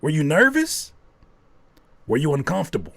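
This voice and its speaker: Animated man giving candid music feedback. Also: a little high, moderate pace, creaky, no room sound. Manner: candid, joking, thinks aloud with restarts. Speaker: host reviewing listener music. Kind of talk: live music feedback stream.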